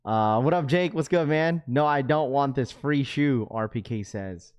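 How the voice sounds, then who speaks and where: Young man, live-stream host, middle pitch, casual slangy banter, reads chat aloud, gets loud and high when worked up. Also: measured pace, smooth. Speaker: livestream host.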